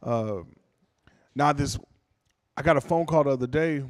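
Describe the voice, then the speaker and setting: A man's voice: medium pitch, unhurried, no room sound, studio quality. A man doing a stand-up comedy set, telling stories casually and acting out voices. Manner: casual, animated storytelling with character voices.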